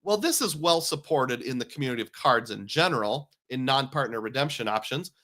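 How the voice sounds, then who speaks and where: Male livestream host with a bright, forward voice; casual, joking and self-mocking, chatting with his viewers. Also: medium pitch, expressive, brisk. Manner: chatty, jokey, self-deprecating. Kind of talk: casual livestream talk, reading viewer comments.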